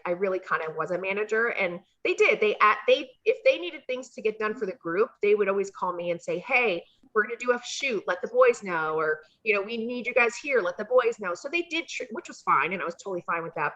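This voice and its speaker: A woman telling animated stories as an interview guest, slipping into high voices when she acts out what people said. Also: highs cut off. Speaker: interview guest, former wrestling valet. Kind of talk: casual storytelling interview.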